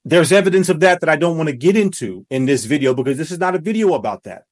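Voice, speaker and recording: A man hosting a reaction commentary, talking in a preachy, emphatic way that rises to shouts. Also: fairly high pitch, animated, fast. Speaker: commentary host.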